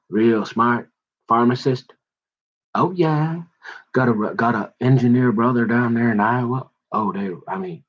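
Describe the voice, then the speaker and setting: A man's voice: mid-range voice, dull audio. A middle-aged man rambling in casual, digressive chat with folksy turns of phrase. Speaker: vlogger.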